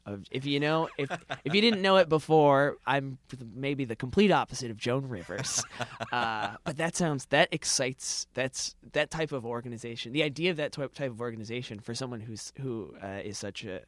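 A man, a comedian guest, chatting casually with halting restarts, then reading his own comic holiday poem in a rhythmic, rhyming delivery. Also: medium pitch, no room sound.

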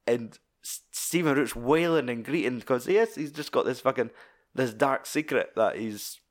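A man's voice: medium pitch, animated, normal speed. A Scottish man in casual film-discussion chat, swearing freely as he retells scenes with animation.

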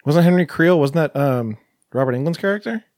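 Quippy guy cohost, giggles and swears, bouncy animated pitch, dry close sound. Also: a little fast, no echo. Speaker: podcast co-host. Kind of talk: casual chat.

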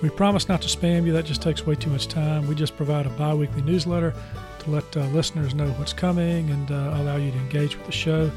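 A man's voice: fairly high pitch, fairly even intonation, a little fast. A male podcast host introducing the episode and reading announcements in a chatty way, with many "uh" fillers. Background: guitar music.

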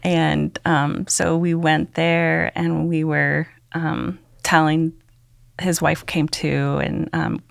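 A low-voiced woman with a strong vocal fry tells her story earnestly, rambling with "like" and "um." The sound is close and dry. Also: flat delivery, takes it slowly, no room sound. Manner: earnest, rambling with many likes. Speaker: podcast guest. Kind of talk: candid personal testimony.

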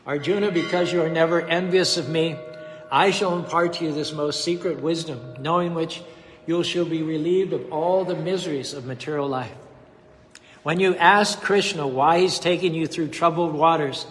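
A man preaching a sermon, emphatic and rhythmic, slowing down to stress key phrases. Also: a little high, a bit bright, echoey room, in a large hall, a little hiss or hum.

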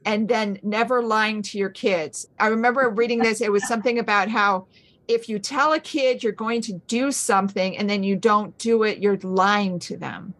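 Middle-aged mother as an interview guest, mid pitch, animated and casual. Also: normal speed. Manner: animated storytelling, acts out her own past thoughts. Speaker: podcast guest, homeschooling mother. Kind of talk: casual conversational chat.

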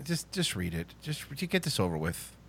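A woman's voice: rumbling low, big pitch swings, moderate pace, creaky, slightly rough, no room sound. A woman co-hosting a comedy podcast, sarcastic and exasperated, swearing freely as she cuts in. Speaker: podcast co-host. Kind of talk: casual comedic chat.

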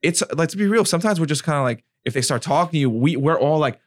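Give me an animated man in his thirties chatting casually, dry sound. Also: a little high, fast talker, dry recording. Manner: animated, profane, acts out quotes in raised voice. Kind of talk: casual chat.

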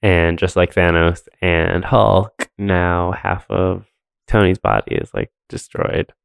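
A man's voice: low-pitched, lively intonation, takes it slowly, gravelly, no echo. A man co-hosting a podcast, recapping a film in rambling casual chat full of fillers and laughs. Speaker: podcast co-host.

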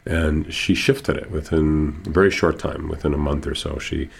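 A man working as a Sufi healer tells stories in an interview, slow and earnest, with repeated phrases. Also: extremely low pitch, fairly even intonation, vocal fry, husky. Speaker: Sufi healer and teacher, guest. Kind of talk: storytelling in an interview.

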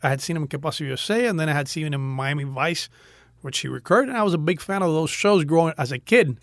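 A man with a Cuban American accent, an actor telling stories in a casual interview, animated and often restarting his words. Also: fairly high pitch, quick pace, dry recording, studio quality.

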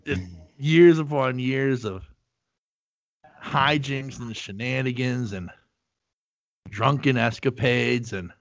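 A man's voice: medium pitch, slow, creaky, long pauses, no room sound, lo-fi sound. A middle-aged man hosting a podcast, chatting casually with lots of fillers and swearing. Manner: rambling, profane, lots of fillers. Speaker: podcast host. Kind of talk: casual chat.

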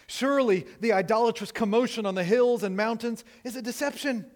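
A man preaching a sermon as pastor, animated and self-deprecating, moving from loud emphasis to quiet asides. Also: very high voice, a little fast, few pauses.

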